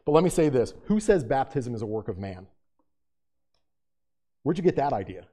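Pastor with a mellow voice preaching. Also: male voice, mid-range voice, sing-song, moderate pace. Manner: rises to fervent emphatic questions; asks the congregation rhetorical questions. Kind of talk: sermon.

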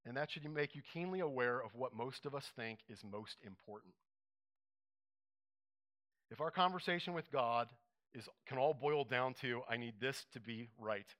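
Bright-voiced man preaching a sermon. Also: medium pitch, animated, moderate pace, long pauses. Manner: conversational, asks the congregation questions.

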